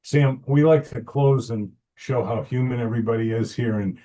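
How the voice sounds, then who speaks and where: A man hosting an interview, upbeat and affirming, moving through quick questions. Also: medium pitch, mellow. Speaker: host.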